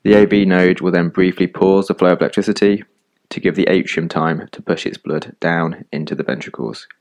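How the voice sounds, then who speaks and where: Guy with a real low voice, calm steady explainer narration, close mic. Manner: calm, measured explanatory delivery. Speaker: medical educator narrating an animated lesson. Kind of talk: scripted voice-over narration.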